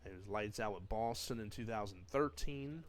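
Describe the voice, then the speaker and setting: A man's voice: lowish voice, moderate pace. A man giving casual commentary over his own baseball video game, rambling through memories with many fillers and sometimes snapping in frustration at the game. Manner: bursts of frustration and swearing at the game. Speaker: gamer narrating his own play.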